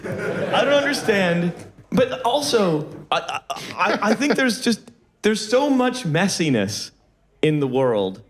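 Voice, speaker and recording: A male comedian on a live podcast panel who stammers through restarts between quick jokes. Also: sits high, very animated.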